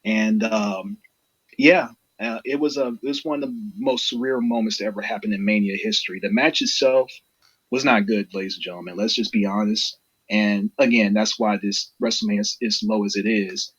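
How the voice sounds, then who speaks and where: A man co-hosting a casual wrestling podcast, an excitable storyteller who swears freely and talks straight to his listeners. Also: on the low side, moderate pace, husky, lo-fi sound. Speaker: podcast co-host.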